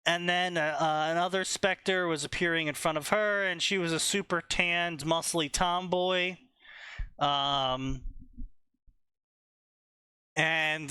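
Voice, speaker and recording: Man, very bright crisp voice, dry close sound, loose sarcastic fanfiction reading, rambling fillers. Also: fairly high pitch, steady tone, takes it slowly, long pauses, no echo. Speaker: host reading fanfiction aloud. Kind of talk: casual comedic reading and commentary.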